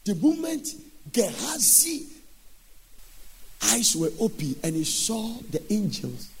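A man preaching a sermon in an emphatic, sing-song way with sudden loud bursts. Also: high-pitched, very animated, slow, creaky, a little hiss or hum.

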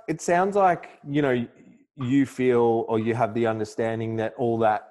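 A man's voice: mid-range voice, fairly even intonation, moderate pace, a little mellow. A man hosting a podcast interview who asks questions tentatively and rephrases them with fillers. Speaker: podcast host.

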